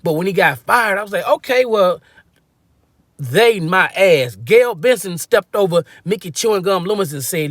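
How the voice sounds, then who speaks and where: A man's voice: high voice, lively intonation, normal speed, a bit bright, dry recording, studio quality. A man giving a casual, slangy football-fan rant, joking and acting out quotes as he goes. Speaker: sports fan commentator.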